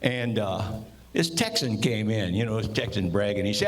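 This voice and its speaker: A man's voice: lowish voice, animated, moderate pace. A man telling folksy Cajun jokes to an audience, drawling and switching into his characters' voices. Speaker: joke teller. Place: live session in front of an audience.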